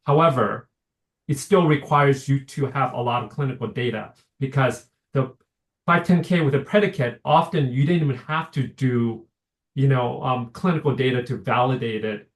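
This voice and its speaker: A man's voice: medium pitch, moderate pace. A man giving a workshop talk over a video call, explaining with many fillers and restarts. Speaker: invited speaker on medical devices.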